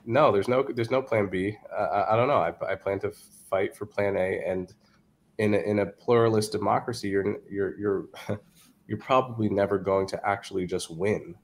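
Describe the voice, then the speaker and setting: Deep, gravelly male guest, halting and emphatic. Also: steady tone. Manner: halting, repeats words, emphatic. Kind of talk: casual discussion.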